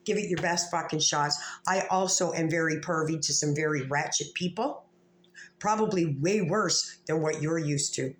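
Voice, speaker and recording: A woman rants to her camera in a heated, cursing, confrontational torrent. Her voice sits a little low. The room rings with echo, and a faint ambient noise runs underneath. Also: normal speed. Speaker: vlogger. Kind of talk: angry rant to camera.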